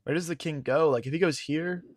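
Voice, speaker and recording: A man's voice: fairly high pitch, a little fast. A young man streaming chess, thinking aloud in a chatty way and talking to his viewers, his voice strained from long hours of streaming. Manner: thinks aloud, chatty, addresses chat as guys. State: losing his voice. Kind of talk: casual live-stream commentary.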